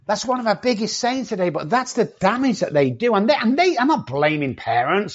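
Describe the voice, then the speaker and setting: An addiction treatment company owner talks bluntly on a podcast, profane, cocky and confrontational. He isn't from England, and his husky, high voice is sing-song and brisk with few pauses, captured on lo-fi audio.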